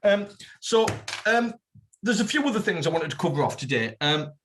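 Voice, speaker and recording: A man co-hosting a casual comedy podcast, playful and quick to laugh. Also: a little hiss or hum. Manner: playful, giggly, lively pitch swings. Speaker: podcast co-host.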